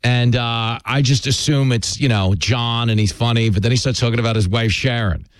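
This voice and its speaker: A male talk radio host chatting in a quick, jokey, self-mocking way. His voice is mid-pitched and dry, with no room sound, close on a studio mic. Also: clean tone, no room sound. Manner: quick, joking, self-deprecating. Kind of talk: casual talk radio chat.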